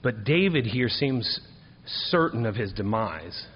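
A man's voice: lively intonation, slow pace, lo-fi sound, a little hiss or hum. Preaching man in a reverberant hall. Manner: rises to emphatic, higher-pitched preaching on key points. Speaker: pastor. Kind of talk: sermon.

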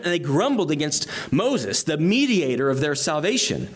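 A man's voice: on the high side, sing-song, normal speed, slightly rough. A man preaching an expository sermon, reading scripture aloud and explaining it verse by verse with rising emphasis on key phrases. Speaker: pastor.

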